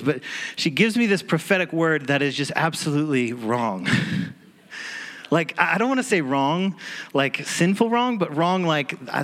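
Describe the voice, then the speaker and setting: Lively man telling a church testimony. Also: a little high. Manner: animated, acts out the people he quotes with laughing asides. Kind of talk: sermon testimony storytelling.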